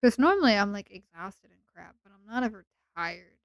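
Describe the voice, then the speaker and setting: A woman's voice: mid-range voice, big pitch swings, moderate pace, clear, resonant tone, dry recording, lo-fi sound. A woman streamer chatting casually late at night, sleepy, rambling and playfully teasing her chat.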